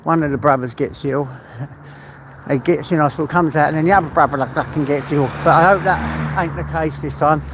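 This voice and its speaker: Older guy rambling on a live stream, heartfelt, laughs a lot, voice a bit high, hiss in the background. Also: a little fast. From England. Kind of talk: casual live-stream chat.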